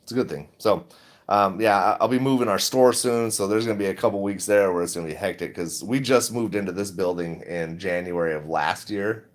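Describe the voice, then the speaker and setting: A man's voice: sits low, a little fast. A middle-aged man chatting casually on a livestream, rambling and laid-back, laughing often as he talks. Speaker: stock vlogger.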